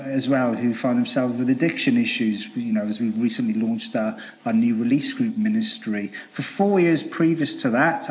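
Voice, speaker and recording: Welsh man, thirties, earnest speaker telling his story to a church crowd, halting delivery. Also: mid-range voice. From Wales. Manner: earnest, halting with frequent fillers and restarts. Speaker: charity debt worker giving testimony. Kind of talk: testimony talk to a church audience.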